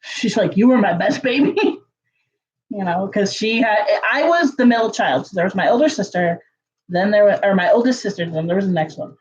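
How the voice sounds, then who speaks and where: Woman vlogger, casual storytelling, lots of fillers, mid-pitched voice, a bit muffled lo-fi audio. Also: a little fast. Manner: chatty, full of "like" and "you know", lively pitch jumps. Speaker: channel host.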